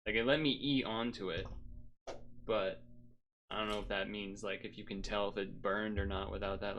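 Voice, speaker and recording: A young man mutters his way through a video game stream, his voice dropping low when he sulks and jumping up when things break. He swears freely and keeps complaining aloud. Faint game music sits under his talk. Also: a bit bright. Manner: frustrated, swearing, muttering then exclaiming. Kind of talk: live gameplay commentary.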